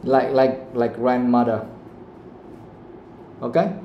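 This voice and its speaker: A man teaching an English pronunciation class, explaining slowly and checking in with "okay?" after nearly every point. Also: mid-range voice, steady tone, reverberant, highs cut off, slight background noise. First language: Vietnamese. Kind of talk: live classroom lesson.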